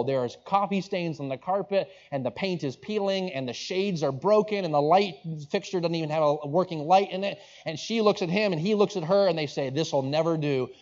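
Male preacher, sermon story, chatty and rambling, slightly high voice, dull lo-fi sound. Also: a little mellow. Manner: conversational, rambling with restarts and asides. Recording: dull lo-fi recording.

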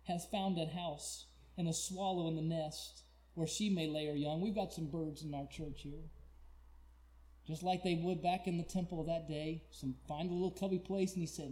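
Male preacher, sermon, hushed whispers to shouted climaxes, drawn-out pleading lines. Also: high voice.

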